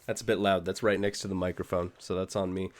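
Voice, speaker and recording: A man with a somewhat low voice gives casual reaction commentary on a stream. He drifts into wry, sarcastic asides and laughs often. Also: flat delivery, quick pace.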